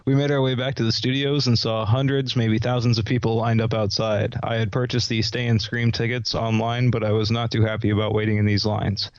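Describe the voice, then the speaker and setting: A man's voice: mid-range voice, flat delivery, fairly quick, few pauses, no echo. A man co-hosting a podcast, reading a listener's trip report in a laid-back way. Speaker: podcast co-host. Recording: dull lo-fi mic.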